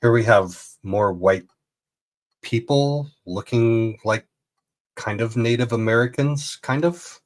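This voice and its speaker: A man's voice: mid-range voice, slow pace. A man giving chatty, incredulous commentary as he reacts to a video. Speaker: host.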